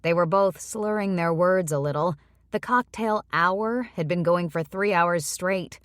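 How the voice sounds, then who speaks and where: Woman, romance audiobook narrator, slightly low voice, dry studio sound. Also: measured pace, no echo. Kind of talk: first-person romance narration.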